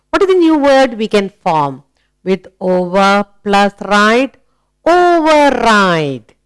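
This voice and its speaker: A woman with an Indian English accent teaches phonics to children in a slow, animated way, her medium-pitched voice clear and resonant. She speaks deliberately, drawing out key words, and asks frequent questions.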